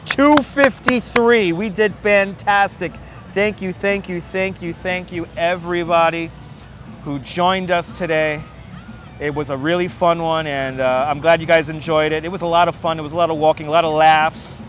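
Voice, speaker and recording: On the high side and steady in tone, a man's fairly bright voice moves at a moderate pace as he hosts a walking-tour livestream. Outdoors on city streets with a wireless clip-on mic, he jokes with viewers, chats casually and laughs often. Faint music plays behind him, along with faint street noise.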